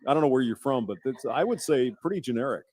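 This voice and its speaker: A man's voice: medium pitch, animated, fast, a little mellow, no room sound. A man hosting a casual panel chat, joking and teasing the guests and laughing often.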